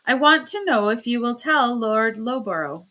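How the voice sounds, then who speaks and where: A woman voicing a bold, scheming young noblewoman who pleads eagerly in a high, loud voice. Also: lively intonation, moderate pace.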